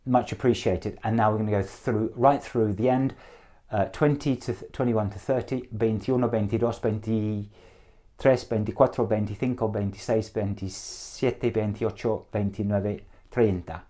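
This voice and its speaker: A middle-aged man with an English accent, speaking with a fairly low pitch and a steady tone, teaches Spanish by drilling numbers for students to say back. He's brisk, encouraging and mildly playful.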